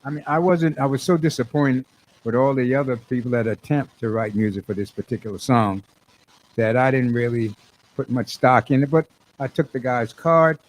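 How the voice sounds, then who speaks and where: Heard on a rough recording, a man with a mid-range voice talks at normal speed. A singer-songwriter, he rambles through a casual story, repeating and restarting himself and performing his own quoted lines.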